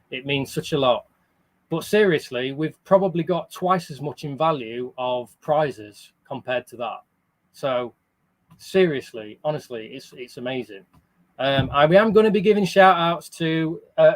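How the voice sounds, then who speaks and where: An English man hosting a charity live stream, chatting casually and rambling with lots of fillers. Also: fairly high pitch. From England. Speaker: live-stream fundraiser host.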